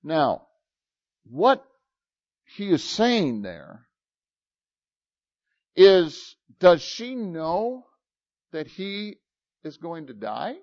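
Male pastor, slightly high, animated voice, chatty sermon delivery, close dry lo-fi sound. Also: drawn-out words, pauses often, dry recording. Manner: conversational preaching, acting out dialogues, rhetorical questions.

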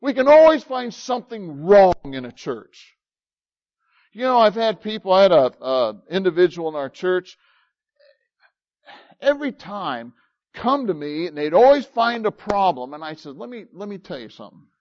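A man's voice: sits high, big pitch swings, unhurried, darkish tone, no echo, dull audio. A man preaching a conversational sermon as pastor, acting out little dialogues and asking rhetorical questions.

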